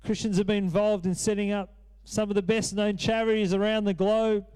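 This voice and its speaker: A man's voice: high voice, flat delivery, a little fast, a little mellow, clear, resonant tone. A man in his thirties preaching a sermon as pastor, earnest and repeating phrases for emphasis.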